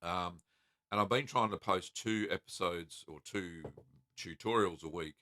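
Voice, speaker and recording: A middle-aged Australian man from South Australia hosting a live cheese-making Q&A, reading out viewer comments in a relaxed, friendly way with many ums and uhs. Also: deep voice, measured pace, no room sound, clean studio sound. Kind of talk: casual live-stream chat reading comments.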